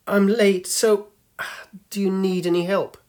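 A man voicing a brisk, hurried young software engineer in a storybook reading, curt and easily flustered. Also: sits high, flat delivery, pitched above the performer's own voice.

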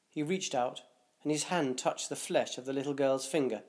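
Man, story narrator, mid-pitched, measured, deliberate pacing. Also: darkish tone.

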